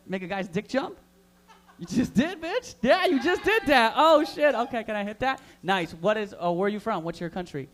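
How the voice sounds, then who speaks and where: A man doing crude stand-up crowd work at an open mic, loud and hyped as he banters with the audience in a live comedy room. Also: sits high.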